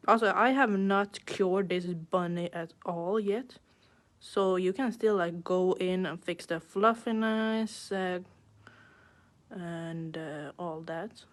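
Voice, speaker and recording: A woman nail artist talks through a live nail art class in an unhurried, relaxed way. She chats casually and thinks aloud as she paints, adding playful little sound effects. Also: lowish voice.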